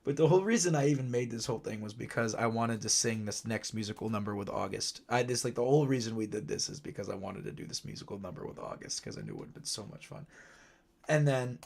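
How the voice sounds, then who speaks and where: A man's voice: fairly low pitch, lively intonation, quick pace, creaky, darkish tone. A man casually recapping his own holiday story on a stream, giggling, mocking it and rambling. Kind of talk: casual recap with sung bits.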